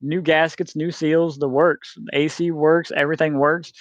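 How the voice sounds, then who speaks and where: A man's voice: a little high, little pitch movement, normal speed, dry recording, muffled recording. A man telling a rambling story as a podcast guest, swearing freely and acting out the people he quotes. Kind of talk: casual storytelling.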